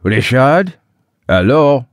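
A man voicing an angry, heavyset male caller with a deep, growling voice and a French accent, curt and interrupting. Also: big pitch swings, very slow, no room sound, clean studio sound, full character voice. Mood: gruff.

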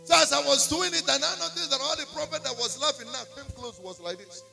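A Nigerian man delivers a sermon, his fairly high voice bright and gravelly. He tells a personal testimony with pidgin asides. Music plays behind him in the church. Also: fast. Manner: storytelling, slipping into pidgin, rising to shouts and singing. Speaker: prophet preaching. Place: church service.

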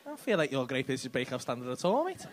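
A man's voice: mid-range voice, wildly swooping pitch, fast, background noise. A man doing stand-up crowd work, cheeky and teasing, swearing freely as he chats with people in the audience on a club stage. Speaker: stand-up comedian. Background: faint audience laughter.

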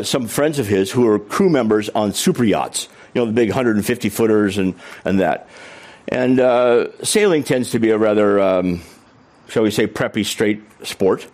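A man's voice: medium pitch, darkish tone. A middle-aged man giving a humorous storytelling keynote talk on stage. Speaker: keynote speaker.

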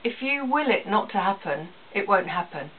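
A woman's voice: medium pitch, animated, normal speed. A woman who runs a small business, talking earnestly to camera in a personal vlog and repeating phrases for emphasis. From England. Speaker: small business owner vlogging. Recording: tinny phone-like audio, distant, faint hiss.

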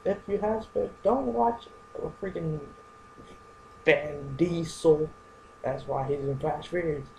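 A young man rambling through a goofy comedic vlog monologue, going from joke to joke with silly deadpan asides. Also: fairly high pitch, normal speed, creaky, a little hiss or hum, rough recording. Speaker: vlogger.

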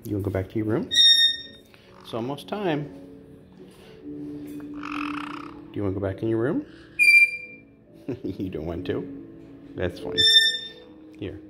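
A parrot sanctuary keeper croons sing-song baby talk to the birds, the pitch leaping high and swooping low. Loud music plays behind the voice in an indoor bird room. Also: big pitch swings, takes it slowly, creaky, long pauses. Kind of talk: casual vlog, talking to pet parrots.

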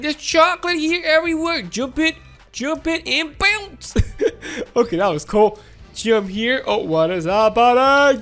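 A woman host giving excitable, exclamatory playthrough commentary on a video game, often giggling. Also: high voice. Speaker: gaming channel host.

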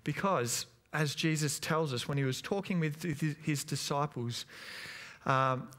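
Chatty pastor preaching. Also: male voice, a little high, a little slow, a bit bright. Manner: chatty, anecdotal, hesitant with many fillers. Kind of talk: sermon. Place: church.

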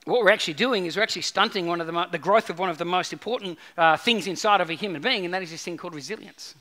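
A man preaching a sermon in an animated way, with repeated phrases and acted-out quotes. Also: high voice, racing. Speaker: pastor.

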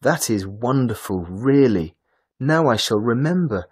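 A man voicing an eager, excitable talking carrot in a children's storybook, exclaiming his lines. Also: medium pitch, a little slow, voice pushed up.

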